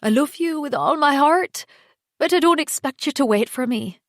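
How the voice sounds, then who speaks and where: A woman's voice: high-pitched, expressive, normal speed, no room sound, clean studio sound, voice pushed up. A woman narrator voicing a torn, anguished man who pleads, in her own voice raised with emotion. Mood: pleading.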